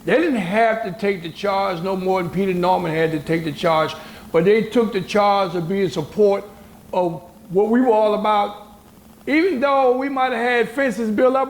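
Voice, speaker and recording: At a moderated discussion held in a university hall, an older American panel guest with a high, gravelly voice tells a story at a moderate pace. He's an animated, colloquial storyteller who puts emphasis on his words and performs other people's lines. Slight background noise and roomy hall acoustics come through.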